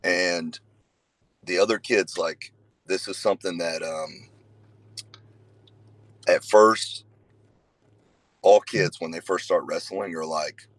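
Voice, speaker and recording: A man, a father and youth wrestling coach, talking casually to a group, telling stories earnestly with sudden emphatic loud bursts and conversational fillers. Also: low voice, steady tone, slow, pauses often, dry recording, rough recording.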